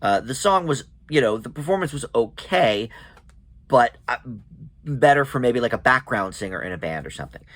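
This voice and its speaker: A man's voice: medium pitch, animated, moderate pace, a bit bright, no room sound. A man chatting casually as he recaps and reviews a TV episode, with many ums and restarts.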